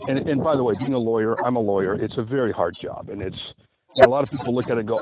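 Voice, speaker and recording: A man's voice: mid-range voice, quick pace. A man reading and explaining his own dating-advice book, rambling in a chatty way with many asides. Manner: chatty, digressive, lots of asides. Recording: tinny phone-like sound, faint hiss.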